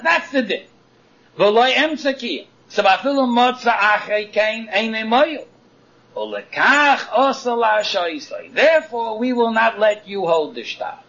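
High-voiced man chanting a study lecture. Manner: lively chanting study singsong, arguing both sides in first person. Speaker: Talmud teacher. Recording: dull lo-fi recording.

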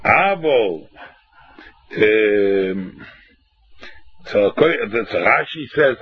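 A man teaching a Talmud class, acting out both sides of the argument in an animated singsong. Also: medium pitch, slow, long pauses, slight background noise. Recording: dull lo-fi recording.

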